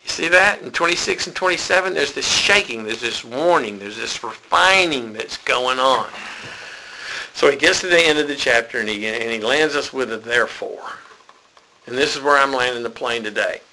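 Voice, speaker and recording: A man's voice: mid-range voice, animated, moderate pace, bright, forceful tone, a little hiss or hum, rough recording. A man preaching a sermon in a church, folksy and conversational.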